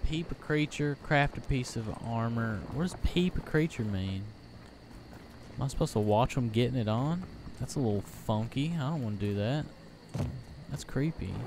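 A man's voice: mid-range voice, lively intonation, moderate pace, darkish tone, slight background noise. A young man giving let's play commentary, easily startled and talking to himself as he plays. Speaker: gaming YouTuber.

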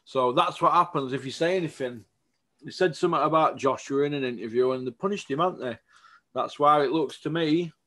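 Slightly fast and on the high side, this man's voice carries a blunt, animated rant about boxing aimed at the camera. As a vlogger sharing casual opinions, he keeps asking for agreement.

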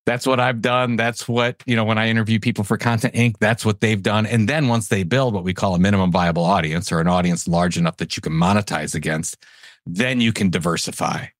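A man talking as a podcast guest in casual interview chat, emphatic and animated as he tells stories. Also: fairly low pitch, a little fast, no echo, studio quality.

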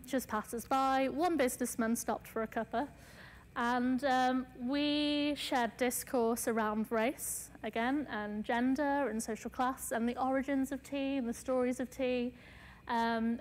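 A woman's voice: on the high side, in a large hall. A woman artist giving a casual lecture, chatty, with many fillers and light self-mocking asides.

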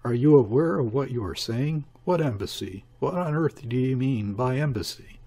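A man reading the part of a nervous, easily shaken man in an audiobook, asking excited, anxious questions. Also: mid-range voice, normal speed, breathy edge.

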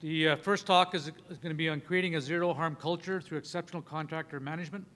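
A man's voice: fairly high pitch, fairly even intonation, quick pace, fairly bright tone. A man chairing a conference session, reading speaker introductions with small stumbles. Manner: reads bios with small stumbles.

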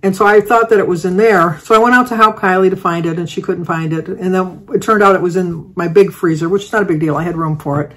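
A woman's voice: on the low side, fairly even intonation, fast, few pauses, a bit bright. An older woman vlogger telling a rambling, chatty everyday story, full of fillers and restarts. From Michigan, United States. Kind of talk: casual storytelling.

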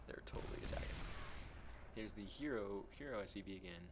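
A young man casually commentating his own game replay, excitable and self-mocking, swearing as he goes. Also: fairly low pitch, rapid-fire, very noisy. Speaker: gameplay commentator.

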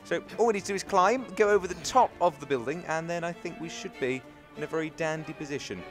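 Over game music, a young British YouTuber from England keeps up casual let's-play commentary in a slightly high voice at a quick pace. He's chatty and self-mocking as he plays, speaking with a British accent.

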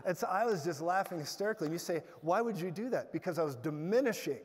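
High-voiced man preaching in a hall. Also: fast. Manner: animated storytelling with bursts of loud laughter. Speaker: guest preacher. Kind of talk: sermon. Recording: hall reverb.

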